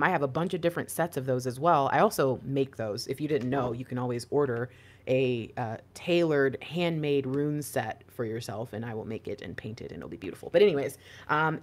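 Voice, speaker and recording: A woman talking to viewers as an intuitive card reader in a spiritual reading monologue, chatty and animated, asking lots of rhetorical questions. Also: low voice.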